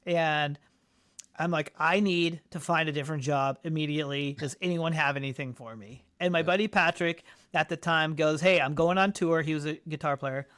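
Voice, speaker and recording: Animated high-voiced man telling a story. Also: moderate pace. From Colorado, United States. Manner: animated, acts out quotes with big pitch jumps. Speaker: podcast guest. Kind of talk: casual storytelling interview.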